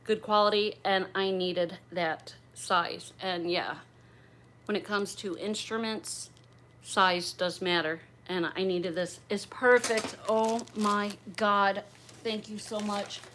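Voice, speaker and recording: A woman's voice: medium pitch, fairly even intonation, slow, background noise. A middle-aged woman chatting on a livestream as she opens gifts, gushing, bubbly and a little raunchy. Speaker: livestream host opening gifts.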